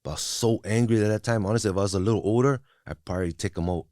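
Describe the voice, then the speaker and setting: Racing through his words in a lowish, slightly mellow voice, this guest in his forties shares his life story candidly, swearing freely, restarting sentences and adding "you know what I mean." English is a second language for him. The sound is studio quality with no echo.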